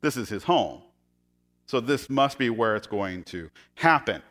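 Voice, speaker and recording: Retelling a scripture story in his sermon, this pastor speaks a little slowly, animated and fairly bright. He cracks sarcastic jokes, laughs now and then, and performs the quoted lines in higher and lower voices.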